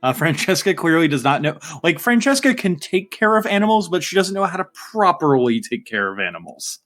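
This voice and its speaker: A man's voice: a little high, fairly quick. Man narrating as game master. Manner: relaxed, filler-heavy narration.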